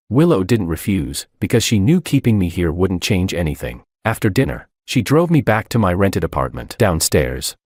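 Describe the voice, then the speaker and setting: Deep guy narrating a romance story, very lively pitch, dry close mic. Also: no room sound. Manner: dramatic first-person storytelling. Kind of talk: scripted narration.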